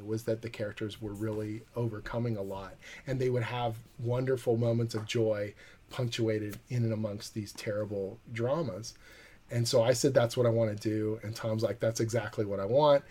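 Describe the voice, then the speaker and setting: A man, a comic book writer, telling a lively anecdote in a podcast interview and acting out the quoted dialogue. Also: fairly low pitch, moderate pace, slight background noise.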